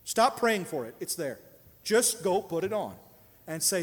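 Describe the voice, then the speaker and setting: A man preaching a sermon as pastor, emphatic and building to loud prayer. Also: high voice, animated, fairly quick, in a large hall.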